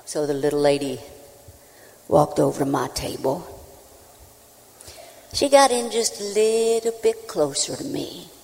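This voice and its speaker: A woman, a country singer, telling a folksy, animated comic story on a live stage before an audience. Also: deep voice, unhurried, gravelly, long pauses. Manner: folksy, animated, with acted-out voices. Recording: reverberant live hall.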